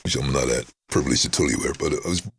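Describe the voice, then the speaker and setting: A man talks in a casual interview with an extremely deep, rumbling voice that carries a husky edge. He tells stories with confidence, acting out what others said. His delivery is relaxed and self-assured. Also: very fast, no room sound. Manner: confident storyteller who acts out quotes. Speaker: voice-over artist and guest. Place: his home during lockdown.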